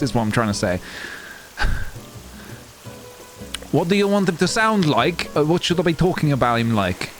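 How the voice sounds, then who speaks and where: A man's voice: on the high side, very animated, normal speed, long pauses, a bit bright. A man streaming a game live, chatting to viewers in a playful, giggly way. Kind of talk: casual live-stream chat while gaming. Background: game music.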